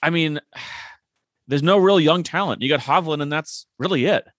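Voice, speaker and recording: A man's voice: a little high, moderate pace, a bit bright, no room sound, studio quality. A man in casual chat, joking and steering the conversation.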